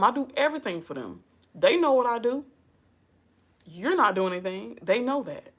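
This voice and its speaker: A woman's voice: fairly high pitch, big pitch swings, normal speed, pauses often, a bit bright. A woman giving casual advice in a vlog, sassy and chatty, often breaking into laughter. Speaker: advice vlogger. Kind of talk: casual chat.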